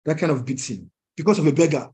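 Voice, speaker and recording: A young man speaking at an entrepreneurs' event, telling a personal story in a lively way, chuckling and acting out other people's lines. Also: on the high side, fast, husky. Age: young adult.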